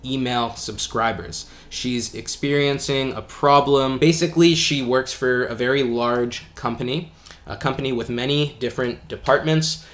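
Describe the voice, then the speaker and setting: A man teaching English in an online video lesson, talking in a casual, friendly, explaining way with some fillers. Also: medium pitch.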